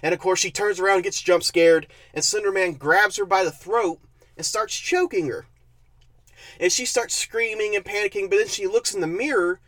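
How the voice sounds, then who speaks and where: With no room sound, this slightly bright, medium-pitched voice belongs to a movie reviewer giving an offhand review. It's an exasperated, sarcastic rant punctuated by frequent laughter and stumbling restarts.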